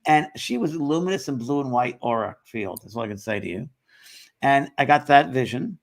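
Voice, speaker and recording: Gravelly-voiced man telling a story. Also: medium pitch. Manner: animated storytelling, quotes others with quick voice shifts. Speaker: host. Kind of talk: casual chat.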